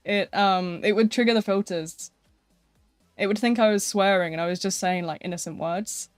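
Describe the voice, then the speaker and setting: A woman's voice: medium pitch, unhurried, pauses often, no room sound, studio quality, faint music behind. A young British woman chatting casually and playfully on a live game stream, laughing often between remarks. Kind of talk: casual live-stream chat while gaming.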